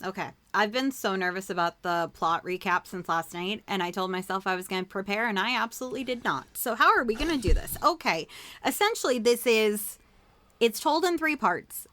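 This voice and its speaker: A woman's voice: medium pitch, a little fast, fairly bright tone. Chatty, self-deprecating female co-host. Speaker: podcast co-host. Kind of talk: casual podcast chat.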